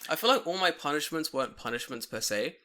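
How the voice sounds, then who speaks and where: A man's voice: on the high side, animated, fast, bright, forceful tone. A young man, co-hosting a podcast and telling stories animatedly in casual chat, swearing freely and laughing often. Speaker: podcast co-host.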